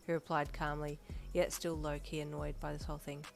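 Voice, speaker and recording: A woman's voice: deep voice, flat delivery, brisk, gravelly. Woman reading fanfiction over faint music. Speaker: fanfiction reader. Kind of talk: second-person fanfiction narration. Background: soft background music.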